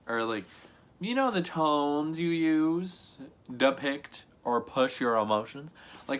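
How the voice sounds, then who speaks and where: A man's voice: a little high, expressive, takes it slowly, fairly bright tone. A young man telling a casual storytime vlog to camera, rambling and earnest, full of "like" and "you know what I mean". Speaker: YouTuber.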